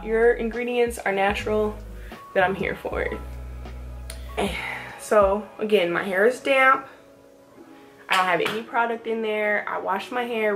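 Chatty woman reviewing hair products. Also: mid-range voice. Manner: chatty, rambling asides. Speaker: natural hair vlogger. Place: indoors at home.

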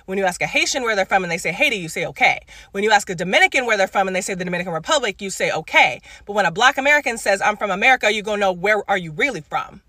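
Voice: medium pitch, animated, racing, hardly any pauses, pushed and bright, no room sound, studio quality. A speaker giving an assertive, sarcastic opinion monologue for social media.

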